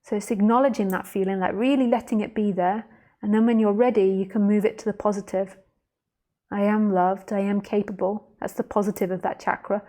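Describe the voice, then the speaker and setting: Soft, slow-spoken woman teacher. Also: mid-range voice, fairly even intonation. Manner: slow, soft and reflective, addressing the listener directly; reads out viewer comments as she goes. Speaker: spiritual teacher. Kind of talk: live-streamed talk answering viewer comments.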